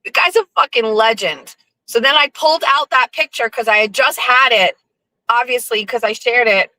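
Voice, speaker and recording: A woman hosting her show, telling stories in a chatty, animated way. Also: a little high, normal speed, no room sound, low-quality recording. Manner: chatty, animated, with lively acted-out quotes. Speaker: host. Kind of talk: casual storytelling monologue.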